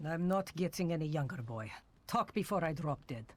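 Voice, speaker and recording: A woman's voice: sits low, expressive, moderate pace, darkish tone, no echo. An actress playing a curt, impatient old village woman in a video game. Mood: gruff impatient. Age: older. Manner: brusque, impatient.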